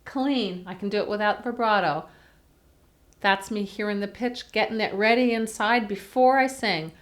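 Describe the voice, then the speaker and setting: A woman voice teacher giving a chatty singing lesson, breaking into sung warm-up vowels to demonstrate. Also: medium pitch, normal speed. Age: older. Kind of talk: vocal lesson to camera.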